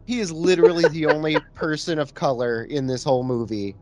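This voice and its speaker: A man chatting casually on a podcast, relaxed and filler-heavy, reviewing a film. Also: on the high side, a little fast. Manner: relaxed, uses lots of "like". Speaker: podcast co-host. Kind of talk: casual movie review chat.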